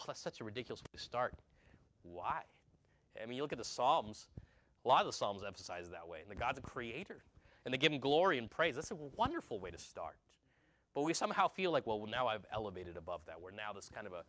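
Male pastor, casual sermon delivery, mid-pitched voice, stops to quiz the congregation. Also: fairly bright tone. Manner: conversational, repeats words, asks the congregation questions.

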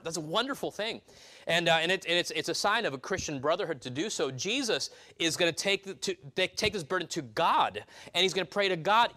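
A man preaching a sermon, reading scripture slowly and earnestly, with conversational asides and frequent restarts. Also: sits high, bright, forceful tone. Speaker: pastor.

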